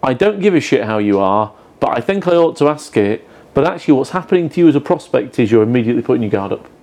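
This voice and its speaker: A blunt man speaks his mind in casual podcast talk, swearing freely as he makes his points. His voice is mellow and dark, sitting in a middle pitch. He reads bits from a book aloud as he argues. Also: very animated, quick pace. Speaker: podcast co-host. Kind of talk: casual chat about sales.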